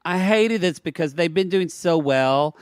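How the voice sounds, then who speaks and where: A man's voice: fairly high pitch, lively intonation, unhurried, clear, resonant tone, no echo, clean studio sound. A man co-hosting a podcast, animatedly recapping a reality show and quoting the scenes. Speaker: podcast co-host. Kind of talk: casual recap chat.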